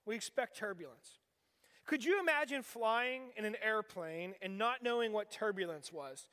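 A man's voice: high voice, expressive, normal speed, sharp tone, clean tone. A man in his forties from western Pennsylvania, preaching a sermon in a conversational way and asking the audience rhetorical questions. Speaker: pastor. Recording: long reverb of a large hall.

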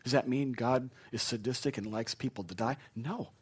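Animated man preaching a funeral sermon. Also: mid-range voice, normal speed, slightly rough. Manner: animated, storytelling, rising to excited outbursts. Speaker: pastor.

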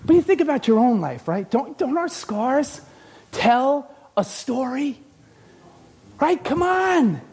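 A man preaching a lively sermon in a church hall with bleachers. His voice sits very high, and he often breaks into shouts as he tells funny stories about himself. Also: slow pace, breathy edge. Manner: animated, often shouting, joking storyteller. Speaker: pastor.

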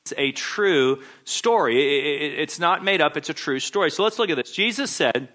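A man's voice: a little high, animated, normal speed, sharp tone. A man preaching a sermon, emphatic and insistent, hammering home his points by repeating key phrases.

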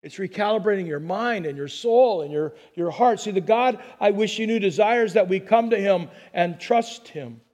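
A middle-aged man preaching a conversational sermon with chatty asides, dropping to a hushed voice on calm phrases. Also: sits high, moderate pace, hardly any pauses. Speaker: pastor.

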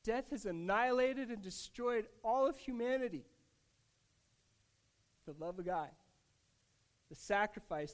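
A man preaching a sermon, earnest and conversational, with frequent restarts and casual asides. He swings between hushed, tender lines and louder, emphatic ones. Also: high-pitched. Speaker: pastor.

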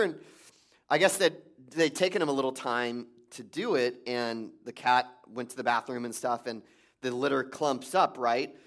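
A man's voice: medium pitch, moderate pace, fairly bright tone. A man, a pastor, giving a sermon in a conversational storytelling way with restarts.

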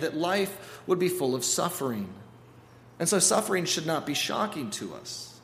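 A man preaching a sermon as pastor, animated and acting out the voices he quotes. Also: high voice, a little hiss or hum. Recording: echoey hall with faint ambience.

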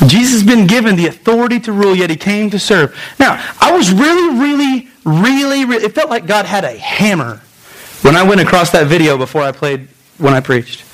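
A man pastor preaching a sermon in a lively storytelling way, acting out voices and making quick asides. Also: high voice, poor audio.

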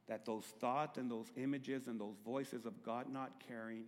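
A middle-aged man preaching a sermon as pastor, moving between hushed, drawn-out phrases and loud, high-pitched crying out. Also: steady tone, in a large hall.

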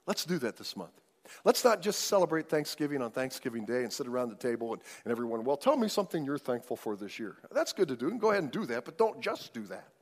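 A man preaching a sermon as pastor, emphatic, swinging widely in loudness and pace. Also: on the high side. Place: church sanctuary. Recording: long hall reverb.

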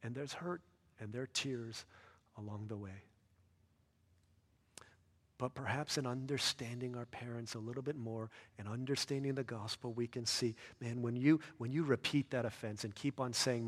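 A man preaching a sermon as a pastor, earnest, rising to loud emphatic peaks and dropping soft and low. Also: steady tone, moderate pace, breathy edge, big-room sound.

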